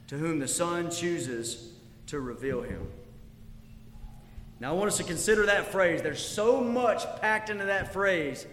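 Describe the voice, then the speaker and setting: A man's voice: high voice, fairly bright tone. A man preaching a sermon as pastor, building intensity and asking rhetorical questions. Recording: echoey hall.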